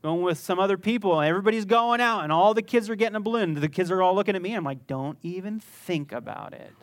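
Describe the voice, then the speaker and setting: A man's voice: sits high, racing. A middle-aged male pastor preaching a sermon in a conversational, joking storytelling manner that builds to emphatic peaks.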